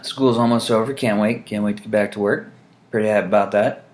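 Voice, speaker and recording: A man's voice: fairly low pitch, steady tone, fairly quick, darkish tone. A man chatting casually to camera in a vlog, meandering and dry-humored, with frequent fillers. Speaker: vlogger. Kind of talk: casual rambling monologue to camera.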